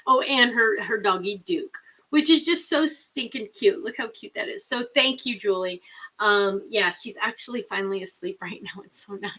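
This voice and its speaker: A woman's voice: mid-range voice, normal speed, sharp tone, low-quality recording. A middle-aged woman hosting a casual live chat, rambling and reading viewer comments aloud. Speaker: host.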